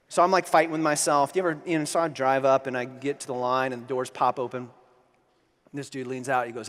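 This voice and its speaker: A man speaking at a youth conference, telling stories in an animated sermon, acting out quotes and laughing with the crowd. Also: fairly high pitch, a little fast. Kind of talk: energetic storytelling sermon. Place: large conference hall. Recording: long hall reverb, faint noise.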